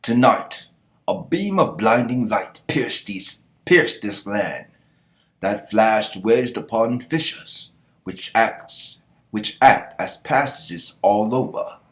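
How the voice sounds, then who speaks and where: A man voicing a solemn armored skeleton knight in a put-on accent, speaking slowly and gravely. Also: on the low side, expressive. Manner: puts on an accent, slow and grave.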